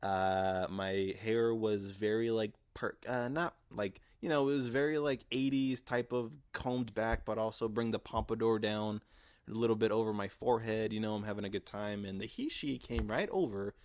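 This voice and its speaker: A man's voice: fairly low pitch, fairly even intonation, moderate pace, darkish tone, no room sound, clean studio sound. A young man in his twenties rambling through a casual story, heavy on fillers and swearing. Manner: rambling, profane, lots of fillers. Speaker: podcast host.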